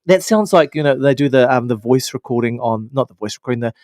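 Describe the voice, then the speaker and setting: A man with a New Zealand accent co-hosting radio and reading the weather, animated and teasing. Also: medium pitch, fast, no echo. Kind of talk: casual radio banter.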